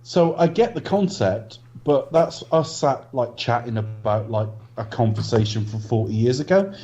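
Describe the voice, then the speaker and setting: A man's voice: medium pitch, expressive, moderate pace, dark tone. Blunt, sweary man, dull audio. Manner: blunt, sweary, dismissive opinions. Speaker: podcast co-host. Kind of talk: casual film review chat.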